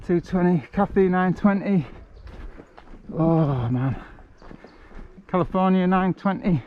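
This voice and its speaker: A British man rambling to his viewers while he walks along a country path, a little out of breath. His voice sits fairly high, and it comes through dull, lo-fi phone audio. Clear outdoor noise runs behind him. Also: slow. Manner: chatty, rambling, addresses viewers by name. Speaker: charity walker live-streaming. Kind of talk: casual live-stream chat while walking. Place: outdoors on a country path among rice fields.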